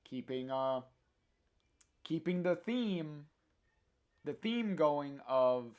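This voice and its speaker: A man's voice: fairly high pitch, lively intonation, very slow, a little mellow, clean tone. A man reading a comic aloud with his own commentary, hesitant with many fillers. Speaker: comic reader.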